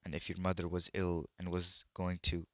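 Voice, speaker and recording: A man voicing a miserable, excitable young boy in a storybook reading, talking in an emphatic rush. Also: low-pitched, normal speed, no room sound, studio quality. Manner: emphatic, wound up.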